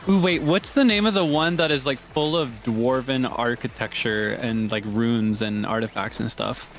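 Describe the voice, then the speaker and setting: A man's voice: moderate pace, soft background music. A man streaming a video game, chatting casually with a friend and laughing often. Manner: chatty, breaks into high laughs. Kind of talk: casual gaming chat.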